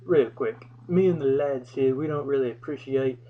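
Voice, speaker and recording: A man's voice: mid-range voice, moderate pace, narrow, tinny audio, natural voice. A man doing a polite, firm Englishman. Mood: polite warning. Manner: courteous and firm. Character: big polite Englishman asking for quiet.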